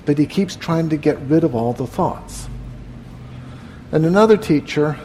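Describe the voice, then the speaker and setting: A man teaching meditation to a live group in a room, relaxed and conversational, often asking the room questions. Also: fairly high pitch, unhurried, a little hiss or hum. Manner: relaxed, asks the audience questions, frequent "uh". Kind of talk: evening talk to a live group.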